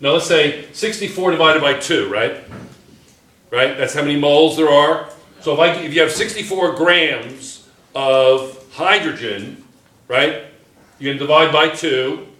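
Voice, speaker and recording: A male chemistry teacher talks his class through problems in a loose, joking way, always checking in with them. His voice is bright and forward, and it echoes around a roomy classroom. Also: fairly high pitch, unhurried. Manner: chatty, joking, checks in constantly with "right?". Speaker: high school chemistry teacher. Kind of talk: classroom lecture.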